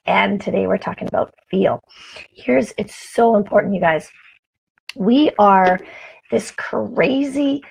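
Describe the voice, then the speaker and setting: A motivational vlogger speaks straight into her camera mic for a casual live morning chat, upbeat and chatty as she greets viewers by name. Her medium-pitched voice is slightly rough with vocal fry, and the recording is rough.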